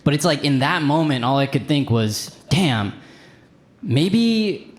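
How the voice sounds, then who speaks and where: A man performing a stand-up comedy set on stage, animated and slipping into high put-on voices for the people in his stories. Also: slow pace. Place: comedy club stage with a live audience. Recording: live venue with crowd noise. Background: audience laughter.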